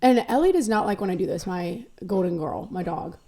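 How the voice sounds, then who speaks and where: Mellow-voiced young woman rambling on a podcast. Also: medium pitch, lively intonation, brisk. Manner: rambling and candid, jumping between topics with self-deprecating jokes. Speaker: podcast host. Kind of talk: casual solo podcast monologue.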